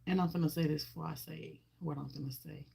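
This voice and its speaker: A woman's voice: deep voice, fairly even intonation, quick pace, gravelly, dark tone, slightly rough. A woman, chatting on a livestream and greeting viewers, talking emotionally and heartfelt, often repeating herself. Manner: talks to viewers and greets them by name. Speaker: vlogger. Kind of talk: casual livestream chat.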